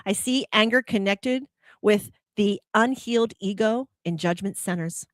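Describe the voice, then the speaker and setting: A woman hosts a motivational talk with a spiritual bent, pressing her listeners with one pointed rhetorical question after another. Her voice sits at an ordinary middle pitch. The recording is dry and close, with no room echo. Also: measured pace. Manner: acts out quoted complaints in a heated voice. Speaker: host.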